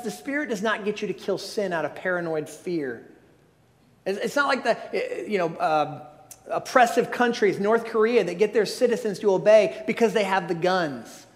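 A man preaching a sermon as a visiting pastor, earnest and emphatic, with occasional wry asides to the congregation. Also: high-pitched. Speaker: guest preacher. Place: church sanctuary. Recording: long hall reverb.

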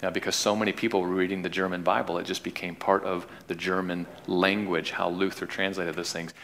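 A man teaching an informal class on Bible translation, talking in a halting way with frequent restarts and repeated words. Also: deep voice, little pitch movement, fairly bright tone, a little hiss or hum. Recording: long hall reverb.

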